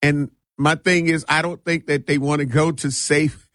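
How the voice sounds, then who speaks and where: A man hosting a radio show in a studio, chatting casually and joking with slang and a relaxed drawl. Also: on the high side, normal speed, dry recording.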